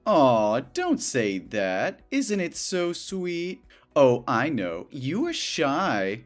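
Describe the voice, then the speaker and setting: A man's voice: mid-range voice, huge pitch swings, drawn-out words, soft background music, exaggerated voice. A man playing a clingy, wheedling coworker. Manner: sugary, wheedling, overly familiar. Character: clingy possessive male coworker, young adult. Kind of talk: scripted dialogue drama.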